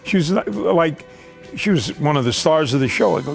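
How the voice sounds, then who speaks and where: A man's voice: on the high side, fairly quick, gravelly, faint music behind. An older man, a veteran actor, reminiscing in a documentary interview, rambling with fillers and restarts. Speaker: actor recalling his career.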